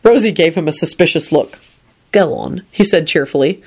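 A woman's voice: deep voice, expressive, a little fast, darkish tone, slightly rough. A woman reading a story aloud, telling it expressively. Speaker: reader.

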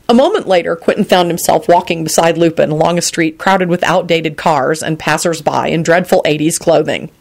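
Expressive woman reading a story, low voice. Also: fairly quick, creaky, hardly any pauses. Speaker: narrator. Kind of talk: audiobook reading of fan fiction.

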